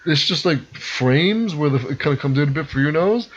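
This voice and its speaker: Lively high-pitched man. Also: a little hiss or hum. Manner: animated, laughing, quick retorts. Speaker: podcast co-host. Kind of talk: casual chat. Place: house, over beers. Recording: dull lo-fi recording.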